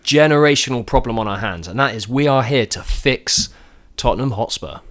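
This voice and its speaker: A man's voice: mid-range voice, animated, normal speed, a bit bright. A man hosting a football podcast in a jokey, casual way, bantering with his co-hosts. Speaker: podcast host.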